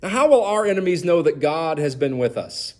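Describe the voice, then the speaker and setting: Man, pastor teaching a Bible study, high voice, animated, asks the group questions. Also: brisk.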